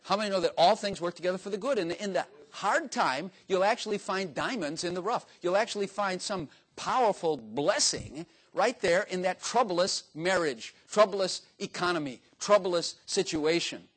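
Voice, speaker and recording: A man's voice: sits high, animated, moderate pace, few pauses, fairly bright tone, breathy edge. An older man preaching a sermon in a folksy, joking way, acting out little dialogues in different voices. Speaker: pastor.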